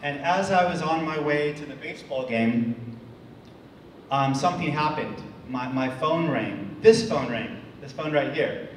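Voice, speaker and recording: A man from the United States, in his forties, telling a story to an audience with many pauses and repeated words. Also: on the high side. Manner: halting, repeats words, restarts often. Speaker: speaker. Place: large hall. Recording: echoey hall, distant mic, faint noise.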